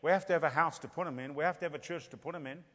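A man's voice: a little high, very fast, fairly bright tone. A man with an African accent preaching a sermon, telling stories and building to fervent emphasis. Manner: storytelling, rising to fervent emphasis. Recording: long hall reverb.

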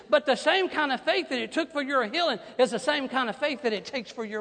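A man preaching a sermon as pastor, animated, swinging from hushed asides to loud declarations. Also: very high voice, a little fast, few pauses, long reverb tail.

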